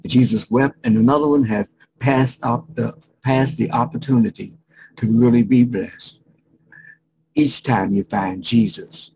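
A middle-aged male pastor preaching a sermon, emphatic, with dramatic pauses and frequent restarts. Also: mid-range voice, vocal fry, background noise.

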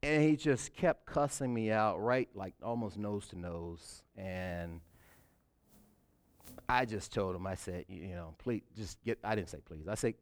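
A deacon telling a personal story to his church in a conversational, unhurried way, with plenty of fillers. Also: sits low. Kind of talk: church testimony.

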